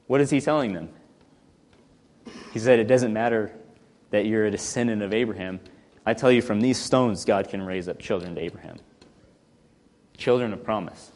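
A man leading a Bible study, reading scripture aloud and then explaining it in casual, conversational talk, often clearing his throat. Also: mid-range voice, moderate pace, long pauses, darkish tone, in a large hall. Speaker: Bible teacher.

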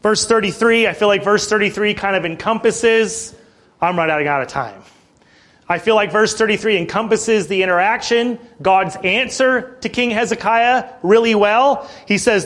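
A man preaching a sermon, reading scripture aloud and asking the congregation rhetorical questions, his voice rising and growing louder when he stirs them up. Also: moderate pace. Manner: rhetorical questions, swells louder and higher when stirring the crowd.

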